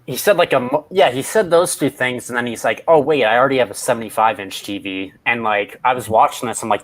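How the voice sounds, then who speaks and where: A man's voice: mid-range voice, quick pace, few pauses. A man co-hosting a casual online show, talking in a wry, critical way. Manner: wry, critical, fond of puns. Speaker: podcast co-host. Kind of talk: casual recap chat.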